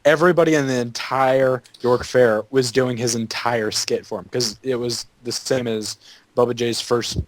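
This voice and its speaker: A man's voice: medium pitch, steady tone, normal speed, no echo. A young man co-hosting a casual podcast chat, rambling through stories and snapping back playfully. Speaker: podcast co-host.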